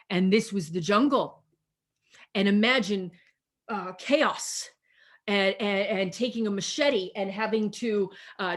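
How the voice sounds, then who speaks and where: A woman pastor giving a sermon over a video call, slow and emphatic, repeating phrases and guiding listeners through imagined scenes. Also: mid-range voice.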